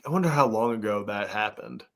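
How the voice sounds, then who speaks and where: A man's voice: lowish voice, lively intonation, fairly quick, fairly bright tone, no echo. A man co-hosting, making wry teasing remarks in casual chat. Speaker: co-host.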